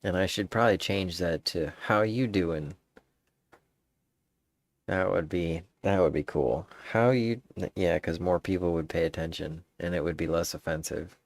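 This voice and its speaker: A man's voice: low-pitched, little pitch movement, moderate pace, vocal fry, hardly any pauses, no room sound. A man musing aloud in a meandering, casual monologue, restarting his sentences as he thinks.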